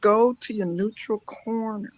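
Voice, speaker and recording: A woman guest on a live-streamed talk show, telling lively personal stories with frequent laughter and mock-scolding asides. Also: medium pitch, measured pace, rough recording. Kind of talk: emotional casual talk-show chat.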